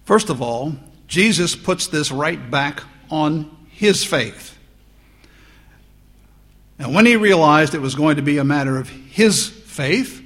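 A man preaching a sermon, teaching slowly through Bible verses and lifting his voice on the quoted lines. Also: a little high, expressive, a bit bright. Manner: slow, deliberate Bible teaching with rising emphasis on quotes.

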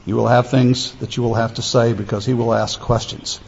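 A man preaching a sermon, emphatic, stretching key phrases slowly. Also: medium pitch, flat delivery, vocal fry, darkish tone, a little hiss or hum. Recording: echoey hall, dull lo-fi sound.

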